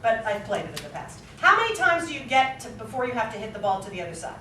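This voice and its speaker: Bright-voiced woman teaching a class. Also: on the high side, quick pace, a little hiss or hum. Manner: energetic, quizzing students with frequent "right?". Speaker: acting teacher. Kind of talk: classroom instruction. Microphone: far camera. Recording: echoey room from far off.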